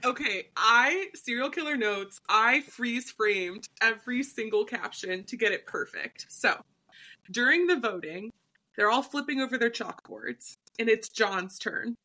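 Bright-voiced young woman, chatty podcaster. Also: a little high, unhurried, low-quality recording. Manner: chatty, animated storytelling with frequent laughs. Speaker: podcast co-host. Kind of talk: casual chat.

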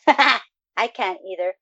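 A woman's voice: mid-range voice, very slow, bright, forceful tone, no room sound. A woman co-hosting a casual podcast chat, chatty and full of fillers, laughing easily. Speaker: podcast co-host. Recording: dull, dry sound.

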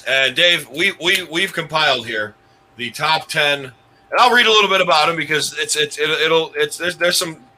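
A man's voice: on the high side, moderate pace, bright, forceful tone, poor audio. A man hosting a comedy countdown show, rambling with restarts and chuckling at his own jokes. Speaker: host.

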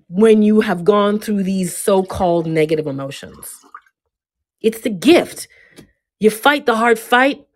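A woman giving an emphatic, preachy motivational monologue, casual and peppered with swearing. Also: fairly high pitch.

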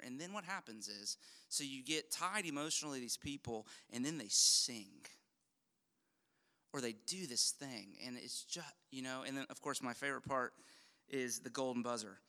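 A middle-aged male pastor delivers a sermon in a bright, forceful voice that rings with a smooth, resonant tone. He talks to the congregation in a loose, animated way, restarting phrases as he goes. The sound carries a long reverb from a church hall. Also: mid-range voice, normal speed. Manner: conversational and animated, with frequent restarts.

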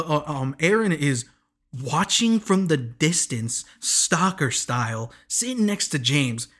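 A man's voice: a little high, a bit bright. A young man hosting a casual recap of a dating show, rambling with many "like"s and stammered restarts.

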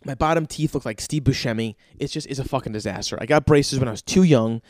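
A stand-up comedian in his thirties launches into a profane, rambling comedic rant, jumping into other people's voices. He speaks fast at medium pitch, a little mellow, on a dry, studio-quality recording.

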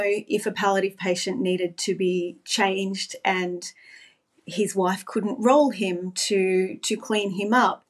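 A middle-aged woman, a former nurse, talking as a podcast guest in an earnest, reflective way. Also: mid-range voice. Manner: earnest, reflective, with frequent restarts. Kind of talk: reflective interview talk.

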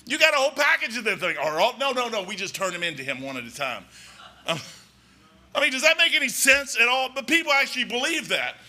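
A man's voice: very high voice, sing-song, fast, bright, forceful tone. A man preaching a folksy, rambling sermon in a church, talking emphatically and conversationally.

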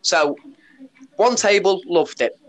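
A man's voice: high voice, slow. A man hosting a podcast, telling a story in a casual, blunt way, swearing often. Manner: blunt, sweary, animated retelling with laughs. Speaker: podcast host; bar worker.

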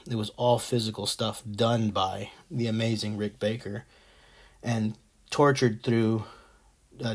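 A man hosting a casual show, talking with enthusiasm about a favorite film, rambling with many fillers and restarts. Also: fairly low pitch. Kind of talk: casual movie talk.

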